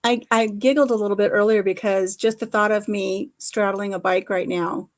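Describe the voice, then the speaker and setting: A woman hosting a live stream, telling funny personal stories in a casual, animated way. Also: mid-range voice, moderate pace. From Iowa. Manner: animated storyteller, acts out her own cries. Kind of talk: casual storytelling chat.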